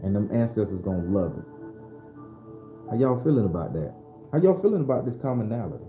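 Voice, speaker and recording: In an echoey room with faint music behind him, a man with a lowish, mellow voice talks fairly quickly, his pitch swinging widely. He hosts a casual spiritual livestream, loose and preachy, aimed straight at his viewers.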